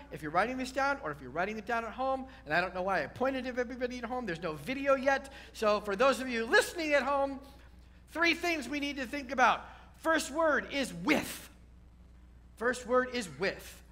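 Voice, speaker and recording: A man's voice: extremely high pitch, bright, forceful tone. A man, a rabbi, preaching a sermon to a congregation, repeating key words and building to emphatic peaks.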